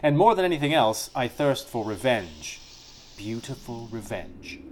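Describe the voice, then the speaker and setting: A man's voice: medium pitch, very animated, measured pace, darkish tone, a little hiss or hum. A man reading as Erika, a cold vengeful sorceress. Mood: bitter.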